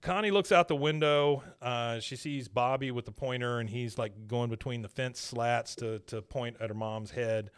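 A man's voice: medium pitch, moderate pace, few pauses, clear, resonant tone. A man co-hosting a podcast, casually recapping a cartoon episode and acting out lines in put-on voices. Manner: animated retelling, acts out lines in put-on voices. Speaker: podcast co-host.

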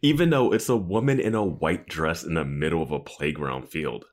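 A man's voice: rumbling low, normal speed. A man co-hosting a podcast, chatting about a TV episode in an amused, incredulous way. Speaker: podcast co-host. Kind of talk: casual chat, discussing a TV episode.

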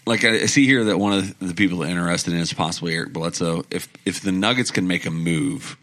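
A man's voice: low-pitched, brisk, a bit bright. A man co-hosting a podcast in casual sports chat, thinking aloud with fillers as he weighs trades. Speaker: podcast co-host.

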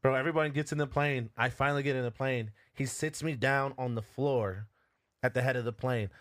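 A man co-hosting a casual podcast, telling a story in an animated voice full of laughter and swearing. His pitch sits in the middle range. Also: a little fast. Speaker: podcast co-host.

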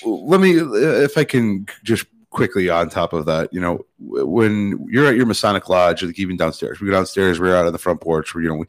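A man co-hosting a podcast, chatting casually and reacting quickly. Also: sits low, no echo. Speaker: podcast co-host. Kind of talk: casual chat.

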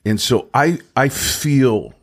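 A man co-hosting a faith podcast, talking slowly and haltingly, restarting his sentences as he works through his thoughts. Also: mid-range voice, expressive. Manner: halting, restarts often, thinking aloud. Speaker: podcast co-host. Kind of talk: casual faith discussion.

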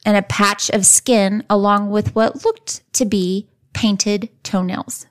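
A woman's voice: medium pitch, fairly even intonation, slow pace. A woman hosts a true crime podcast, walking through a case from her notes. Her delivery is casual and chatty, with playful jokes along the way. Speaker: podcast host. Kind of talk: casual chat and case narration.

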